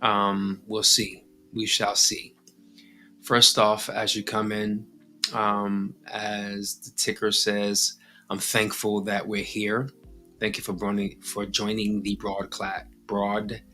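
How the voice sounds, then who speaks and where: Male livestream host, theatrical and playful, slow delivery, lowish pitch. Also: monotone, bright, forceful tone, faint music behind. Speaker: host of a compost channel livestream. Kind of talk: casual livestream talk.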